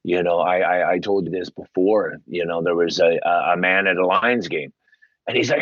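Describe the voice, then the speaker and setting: A man, a guest on an interview show, telling stories with lively, emphatic delivery and acted-out quotes. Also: brisk, no room sound, dull audio. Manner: animated storyteller, acts out quotes with big pitch jumps. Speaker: guest, paid sports superfan. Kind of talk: casual interview talk.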